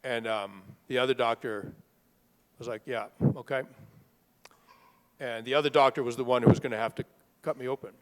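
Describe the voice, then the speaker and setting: A middle-aged man telling a personal story to a live audience, talking in a conversational, halting way with fillers and restarts. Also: mid-range voice, steady tone, smooth. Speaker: author speaking at a book festival. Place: large hall at a live event. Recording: long reverb of a large hall.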